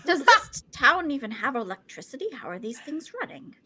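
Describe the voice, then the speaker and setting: A woman playing in a tabletop horror game, eager and quick with ideas. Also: high-pitched, very animated, bright, forceful tone. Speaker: player.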